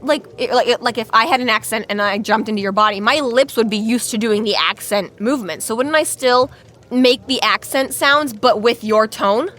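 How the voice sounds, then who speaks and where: A woman's voice: fairly high pitch, normal speed, a bit bright. A woman co-hosting a podcast about a book, chatting casually with blunt, joking asides. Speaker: podcast co-host.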